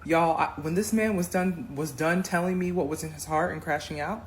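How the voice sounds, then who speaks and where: A woman telling a dating story in a casual storytime, addressing viewers as y'all with animated emphasis. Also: low-pitched, normal speed, slight background noise, low-quality recording. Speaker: storyteller in a clip.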